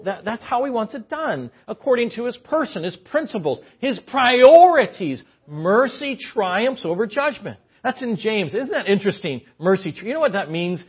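Animated high-voiced male preacher, muffled. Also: normal speed, husky. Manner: chatty, joking asides. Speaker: guest preacher. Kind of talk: conversational sermon. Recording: muffled lo-fi sermon recording.

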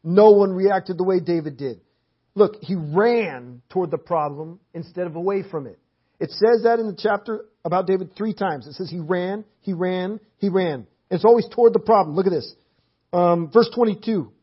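A man's voice: high voice, moderate pace, husky. A man preaching a sermon in a church hall, driving his points home with emphatic, repeated phrases. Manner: emphatic, repetitive preaching cadence. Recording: dull lo-fi sermon audio.

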